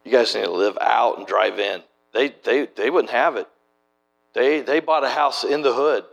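A man's voice: mid-range voice, normal speed, vocal fry, highs cut off. A middle-aged man preaching a sermon, telling stories in a folksy, conversational way with many restarts. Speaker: preacher and church planter. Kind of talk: sermon storytelling.

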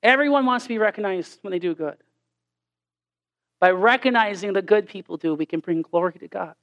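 A woman's voice: mid-range voice, lively intonation, fairly quick, highs cut off. A woman preaching a sermon in an earnest manner, often repeating rhetorical questions to her listeners.

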